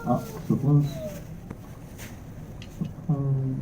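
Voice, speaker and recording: A man's voice: medium pitch, extremely slow. A man, an author at a bookstore signing, chatting casually and self-deprecatingly to an audience. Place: bookstore event room. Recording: echoey, tinny phone-like audio with faint noise.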